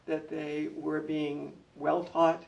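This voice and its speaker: An older man who used to be a school administrator reminisces at a public event through heartfelt stories, livening up when telling anecdotes. He speaks slowly in a fairly high voice with vocal fry. The recording sounds muffled, made with a distant mic and faint room noise.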